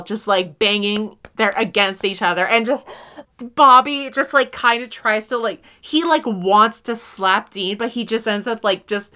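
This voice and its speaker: A woman in casual chat recapping a TV episode, animated and swearing casually, acting out the characters' lines. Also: medium pitch, a little slow, clear, resonant tone.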